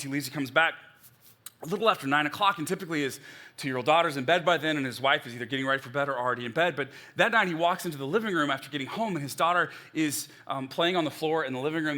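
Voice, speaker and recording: A man's voice: fairly high pitch, pushed and bright. A man preaching a sermon as pastor, in a conversational storytelling way with joking asides. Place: church.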